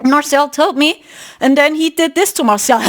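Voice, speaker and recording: A woman hosting a spiritual podcast, telling a story in a casual, emphatic way. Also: high-pitched. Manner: animated, emphatic, retelling a story. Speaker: podcast host.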